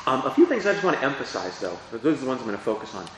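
A man's voice: mid-range voice, very animated, rapid-fire, very echoey, long reverb tail, slight background noise, rough recording. A man who is a priest, explaining parts of the Mass in a chatty teaching talk and often asking his listeners questions. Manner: chatty, asks the audience questions.

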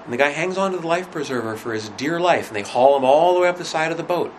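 A man's voice: fairly high pitch, expressive, quick pace, a little hiss or hum, low-quality recording. Man teaching a casual faith class. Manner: conversational, rhetorical questions, frequent fillers. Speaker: religion teacher.

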